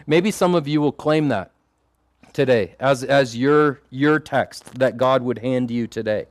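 Man, mid-pitched, preaching a heartfelt sermon, dry close recording. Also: a little slow, dry recording. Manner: earnest, emphatic, asks the group for "Amen?". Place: small gathering in a circle.

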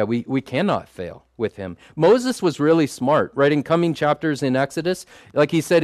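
A man's voice: mid-range voice, a little mellow, no echo, studio quality. A man preaching an earnest, emphatic sermon to a small group seated in a circle, often calling out for an "Amen".

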